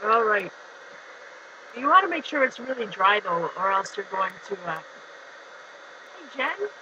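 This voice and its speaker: A woman's voice: medium pitch, sing-song, measured pace, dull audio, background noise. A woman hosting an art livestream, chatting casually with viewers while she paints and often giggling. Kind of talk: casual live-stream chat while painting.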